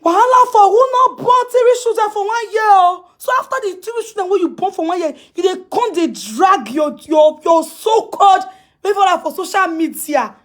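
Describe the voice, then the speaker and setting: A woman with a Nigerian Pidgin English accent, ranting and scolding on a phone live stream, repeating herself emphatically and breaking into shouts. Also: very high-pitched, animated, normal speed. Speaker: social media personality.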